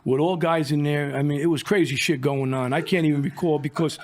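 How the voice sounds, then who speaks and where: A man's voice: on the high side, fairly even intonation, brisk. A middle-aged man and former drug agent telling a war story in a rambling, profane, casual way, full of fillers.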